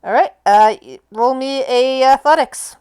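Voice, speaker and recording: A woman acting as game master, narrating a tabletop game in a calm, matter-of-fact way on a close mic. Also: sits high, measured pace, clear, resonant tone, no echo.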